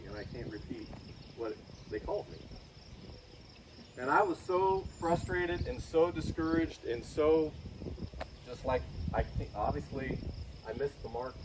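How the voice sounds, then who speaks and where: A man's voice: a little high, moderate pace. A middle-aged man preaching a sermon, telling a personal story in a conversational way. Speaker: pastor. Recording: distant mic, loud outdoor noise with insects.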